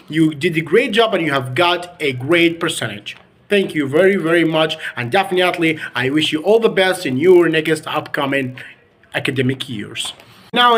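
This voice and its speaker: A man with an Egyptian accent, a native Arabic speaker, teaching an online English pronunciation lesson with slow, emphatic repetition of words for drill. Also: high-pitched, fairly bright tone.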